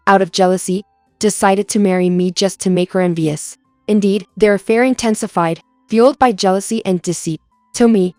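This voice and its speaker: A woman's voice: medium pitch, no echo, studio quality. Woman narrating a dramatic story. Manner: even, storytelling. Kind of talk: scripted narration.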